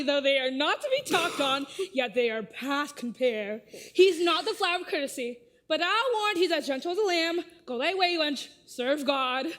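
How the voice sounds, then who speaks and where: A fussy older nurse, played by a woman on stage, who rambles, teases and groans about her aches. The voice sits very high, and the delivery stays chatty and drawn out in this live stage drama. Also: fairly bright tone. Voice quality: groans and sighs often. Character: fussy older female nurse, teasing and complaining. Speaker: stage actor.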